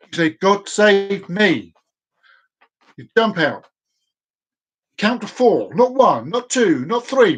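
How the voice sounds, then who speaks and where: Man doing a fed-up parachute instructor, high voice, impatient, repeating every step. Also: husky, heavily acted. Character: exasperated male parachute instructor.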